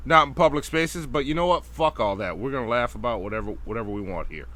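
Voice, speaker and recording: A man's voice: medium pitch, lively intonation, fast talker, a bit bright. A man co-hosting a casual livestream talk show, joking loosely and laughing often. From New Orleans, Louisiana. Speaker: podcast co-host.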